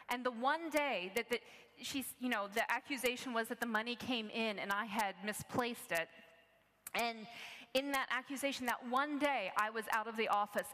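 A woman's voice: fairly high pitch, pushed and bright. Woman preaching in a reverberant hall. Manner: earnest storytelling, conversational with many restarts. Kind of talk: sermon. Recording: long reverb of a large hall.

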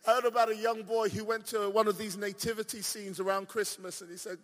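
High-voiced preacher man in a big hall. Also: level tone, a little fast, few pauses. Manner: storytelling, builds to shouting. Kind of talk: sermon.

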